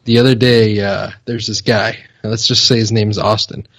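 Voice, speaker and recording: A man co-hosting a casual sports podcast, teasing and telling jokes deadpan. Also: on the low side, moderate pace, no room sound. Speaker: podcast co-host.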